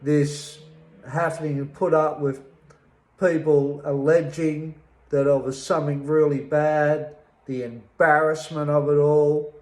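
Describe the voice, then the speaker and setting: A middle-aged man with an Australian accent speaks slowly and deliberately, leaning hard on his words with a bitter edge. His voice sits a little higher than most men's, and the sound carries the echo of a bare room. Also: little pitch movement. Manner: slow, emphatic, bitter, pausing often. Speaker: interviewee telling his life story. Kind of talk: personal testimony.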